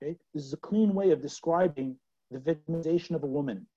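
A woman teaching a scripture lesson in a dramatic way, asking her listeners questions and swinging from loud to hushed. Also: low voice, fast, husky. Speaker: Bible teacher. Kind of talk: expressive scripture lecture. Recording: dull lo-fi recording.

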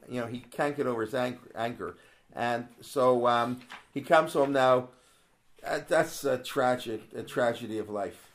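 A man teaching a text study class in a casual, conversational way, asking rhetorical questions and quoting verses aloud. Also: mid-range voice. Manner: conversational, asks many rhetorical questions, quotes Hebrew verses; digressive, with many restarts. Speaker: religious studies teacher. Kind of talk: Torah class lesson.

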